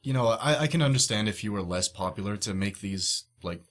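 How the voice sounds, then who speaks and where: A man's voice: on the low side, lively intonation, a little fast, a bit bright. A young man in casual podcast chat, rambling, sarcastic and swearing a lot.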